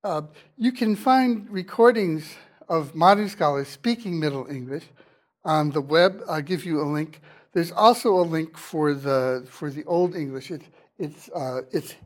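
A man giving a university lecture in class, talking in a halting way with many restarts and fillers. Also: a little high. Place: lecture hall.

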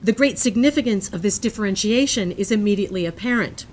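A woman reading a prepared lecture aloud in a measured, earnest manner, sometimes breaking off into self-amused asides. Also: medium pitch, a little mellow.

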